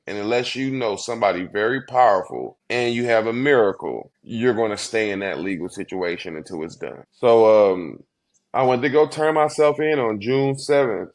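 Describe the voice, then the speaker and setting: Earnest low-voiced man telling his story. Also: gravelly. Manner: earnest, heartfelt, quick bursts with slow emphatic pauses. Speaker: guest. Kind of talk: emotional storytelling interview.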